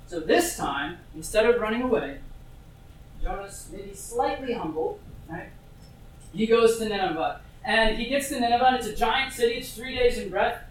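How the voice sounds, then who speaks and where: A preacher tells a story in a loose, conversational way, full of fillers and little asides. The voice sits at a middling pitch and comes from a distance. It rings through a very reverberant hall, with a faint hiss underneath. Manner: chatty, with many fillers and asides to the audience. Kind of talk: casual conversational sermon.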